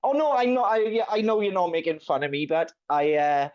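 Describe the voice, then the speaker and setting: A man in his late thirties from South Wales with a South Welsh accent, chatting casually, animated and self-mocking, swearing freely. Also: high-pitched, a little fast. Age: late 30s. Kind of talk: casual chat. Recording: dull lo-fi stream audio.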